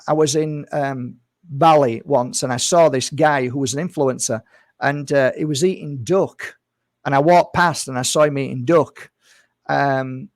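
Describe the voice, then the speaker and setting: Earnest, rambling man with a higher voice. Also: no room sound, clean studio sound. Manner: earnest and rambling, repeats phrases, addresses viewers as guys. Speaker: spiritual healer and vlogger. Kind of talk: casual talk to camera.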